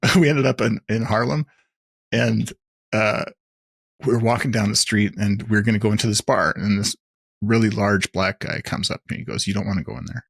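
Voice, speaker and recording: A man hosting a podcast who tells stories in an animated, laughing, conversational way. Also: on the low side, moderate pace, gravelly, husky, no room sound. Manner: animated storyteller, laughs often. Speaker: podcast host. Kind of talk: casual conversational chat.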